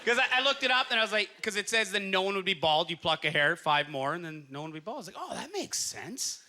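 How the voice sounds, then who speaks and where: A man's voice: rapid-fire, slight background noise. A man doing stand-up comedy, acting out voices as he tells stories. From Canada. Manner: animated, acts out voices with big pitch jumps. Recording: live club set with audience laughter.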